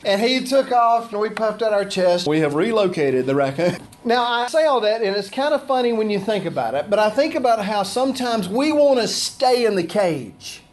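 A man's voice: high-pitched, big pitch swings, moderate pace, a little hiss or hum. A man preaching a conversational sermon, acting out the scripture voices he quotes. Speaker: pastor.

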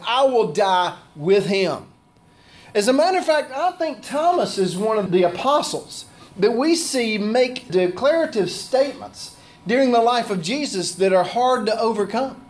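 A man preaching a conversational sermon, acting out the scripture voices he quotes. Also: extremely high pitch. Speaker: pastor.

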